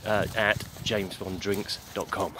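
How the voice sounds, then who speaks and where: Male host, lowish voice, breathless uphill outdoor walk, halting fillers, clear outdoor noise around him. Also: level tone. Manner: halting, many fillers and restarts. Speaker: host of a daily podcast. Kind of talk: casual spoken news update. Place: outdoors on a hill.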